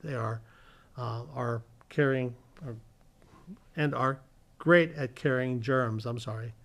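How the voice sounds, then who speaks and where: A man's voice: medium pitch, takes it slowly, a bit bright. A man hosting a community television show, reading fun facts from slides in a studio, now and then stumbling over words and correcting himself. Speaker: host.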